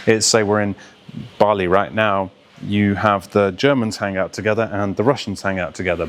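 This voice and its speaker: Low-voiced male voice coach explaining. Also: a little hiss or hum. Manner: instructive, illustrates points by mimicking accents. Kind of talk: explaining voice and accent to camera.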